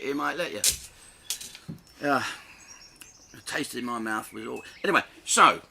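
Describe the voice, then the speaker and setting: A middle-aged man telling a crude, self-mocking anecdote in an animated way, laughing between lines. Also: medium pitch, slight background noise. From England. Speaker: comedian telling a story. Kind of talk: storytelling anecdote.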